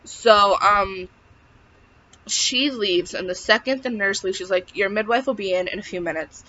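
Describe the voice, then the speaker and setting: A woman's voice: mid-range voice, moderate pace, bright, forceful tone, a little hiss or hum. A young woman telling a personal story in a casual vlog, chatty and full of filler words. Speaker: vlogger. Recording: slightly dull lo-fi sound.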